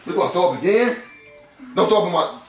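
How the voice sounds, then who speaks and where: Man, loud profane rant, roomy echo, distant mic. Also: high voice, expressive, quick pace, faint music behind. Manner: loud, profane, repeats himself. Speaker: husband in a prank vlog. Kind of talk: angry ranting argument. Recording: echoey room, mic from a distance.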